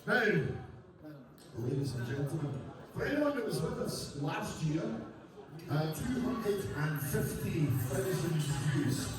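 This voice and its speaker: A Scottish piper in a dramatic, declamatory manner, reciting a poem and then speaking to dinner guests. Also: male voice, fairly high pitch, lively intonation, takes it slowly, music in the background. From Scotland. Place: indoor banquet hall. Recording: echoey hall from far off, crowd noise. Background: crowd of diners.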